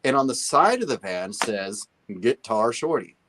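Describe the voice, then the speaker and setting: A man's voice: medium pitch, normal speed, background noise. A man guesting on a talk show, casually telling stories and acting out other people's voices. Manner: animated, acts out the voices of others. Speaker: guest musician. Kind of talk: casual storytelling.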